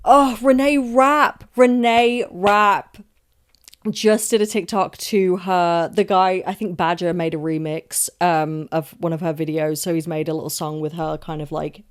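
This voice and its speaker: With a fairly low, darkish voice, a young woman from London delivers a casual rant on her solo podcast. She chats and rambles emphatically, curses frequently, and keeps making asides about herself.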